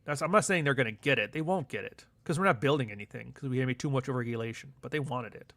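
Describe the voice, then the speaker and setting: A man's voice: medium pitch, fast talker, a bit bright, dry recording. Sardonic man ranting on a stream. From Canada. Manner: sardonic, profane, rambling. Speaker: livestream host. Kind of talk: casual ranting monologue.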